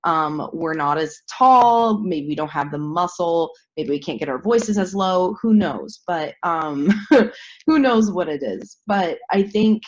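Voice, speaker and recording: A woman's voice: lowish voice, lively intonation, slow. A woman who performs as a drag king, chatting casually as a guest, hesitant and laughing often. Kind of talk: casual chat. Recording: muffled lo-fi audio.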